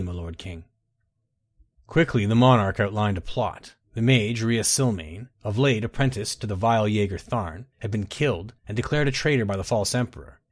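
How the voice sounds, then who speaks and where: Measured, dramatic male audiobook narrator. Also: fairly low pitch. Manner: measured, dramatic, with solemn repetitions. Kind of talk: scripted fantasy narration.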